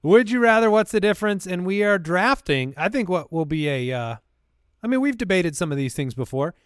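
A man co-hosting a comedy podcast in loose, joking banter, quick to laugh. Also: sits high, lively intonation, clear, resonant tone, no room sound, clean studio sound. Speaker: podcast co-host. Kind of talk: casual comedic chat.

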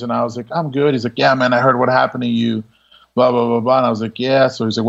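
A laid-back man tells a story on a podcast, his gravelly voice often breaking into laughter and restarting sentences. The sound is dull and lo-fi. He talks casually, with lots of fillers. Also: medium pitch, steady tone, a little fast. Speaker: podcast guest.

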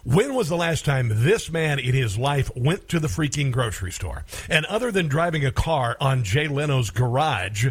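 A man's voice: mid-range voice, sing-song, normal speed, hardly any pauses, slightly rough. A man hosting a political talk radio show, delivering a sarcastic, combative monologue with mocking asides.

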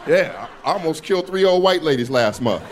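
A man's voice: on the high side, brisk, noisy background. A man performing a stand-up comedy set on a club stage, telling stories animatedly and acting out characters. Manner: animated storytelling, acts out characters in quotes.

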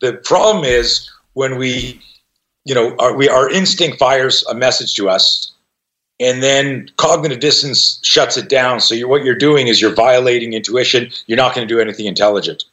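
A man's voice: medium pitch, moderate pace. A man in his sixties, a self-defense instructor, telling a story in a conversation. He swears freely and acts out the voices of the people in his story. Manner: profane, animated, acts out voices in his stories. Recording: dull lo-fi sound.

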